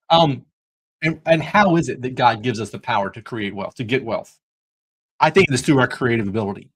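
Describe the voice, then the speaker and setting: A man's voice: mid-range voice, fairly bright tone, slightly rough, low-quality recording. A man hosting a livestreamed Bible study podcast, talking in an earnest, preacherly way with jokey asides. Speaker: podcast host.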